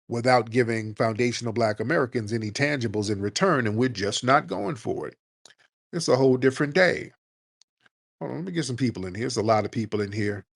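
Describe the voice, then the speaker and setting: A man's voice: mid-range voice, dry recording, studio quality. A man hosting a live call-in show, giving blunt, combative political commentary in slangy speech. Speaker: host.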